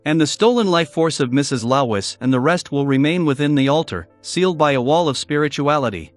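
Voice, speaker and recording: A man's voice: on the high side, lively intonation, a little fast, no room sound, soft background music, lightly acted. A man voicing Leonard, a teasing investigator. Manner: easygoing and playful. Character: confident, teasing young male investigator.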